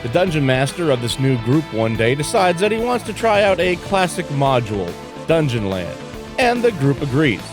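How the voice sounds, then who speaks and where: A man narrating a scripted tribute video in a measured, even reading. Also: fairly high pitch, music in the background.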